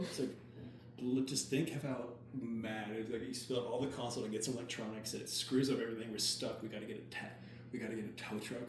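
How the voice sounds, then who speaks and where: A man who works as a hypnotherapist, chatting casually and excitedly, rambling with many "like"s. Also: mid-range voice, fast. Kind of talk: casual chat. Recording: roomy with faint ambient noise.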